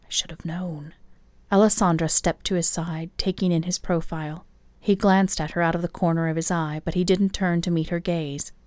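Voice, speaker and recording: A woman narrates a romance novel in a steady, measured read. Her voice sits on the lower side for a woman. The recording is dry and close, with no room sound. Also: clean tone, dry recording. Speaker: audiobook narrator.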